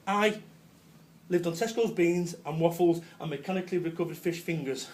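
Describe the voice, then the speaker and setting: Man, Manchester accent, high-pitched voice, brash comic business speaker, faint background hiss. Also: normal speed, a little mellow. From Salford, England. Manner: brash, jokey, swears, laughs often. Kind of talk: comic motivational talk.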